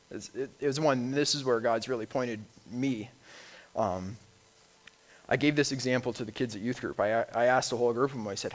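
Plain-spoken man giving a lay sermon. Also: medium pitch. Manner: plain-spoken, with frequent restarts and ums; reads scripture slowly, then talks informally. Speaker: lay speaker and youth leader.

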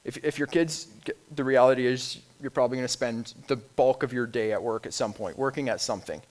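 A man of ordinary pitch gives a conversational lay sermon. He reads scripture at an unhurried pace, then talks in a plain, informal way. His speech has frequent restarts and ums. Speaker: lay speaker and youth leader.

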